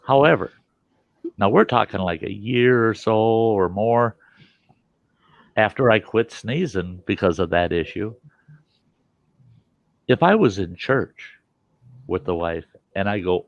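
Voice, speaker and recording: A man's voice: on the low side, expressive, moderate pace, creaky, no echo. A man hosting a casual show and telling rambling, swearing anecdotes. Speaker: host. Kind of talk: casual storytelling. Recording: dull lo-fi dry sound.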